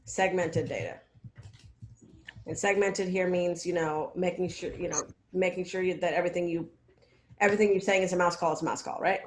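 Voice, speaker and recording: A woman's voice: lowish voice, steady tone, brisk, reverberant, slight background noise. A woman mentoring students in a casual meeting on a video call, rambling with many fillers and often checking that they follow. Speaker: research mentor.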